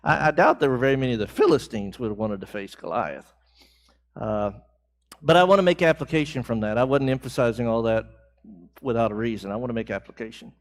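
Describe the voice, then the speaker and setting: A man with a medium pitch and lively intonation talks fairly quickly while leading a church Bible class. He keeps it conversational, questioning the class, replying, and building emphasis on central phrases.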